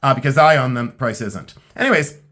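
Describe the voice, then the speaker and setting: Fast, pushed and bright, a middle-aged man's mid-range voice runs through a casual preview of vintage jewelry for sale. Tired and worn out, he is candid and plainspoken, rambling a little.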